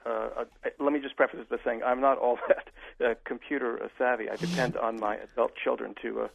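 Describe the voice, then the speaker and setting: Doctor guest, man; gravelly, halting, self-deprecating, muffled line. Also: medium pitch, level tone, no echo.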